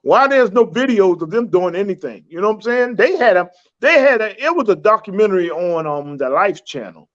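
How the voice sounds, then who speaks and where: High-voiced man, rambling podcast talk. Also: expressive, a little fast, fairly bright tone, lo-fi sound. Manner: rambling, many fillers and restarts, laughs often.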